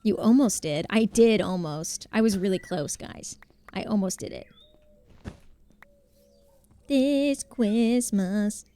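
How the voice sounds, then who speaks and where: A woman's voice: mid-range voice, slow, pauses often, mellow. A woman streaming a game live, chatting casually, laughing often and answering her chat as she plays.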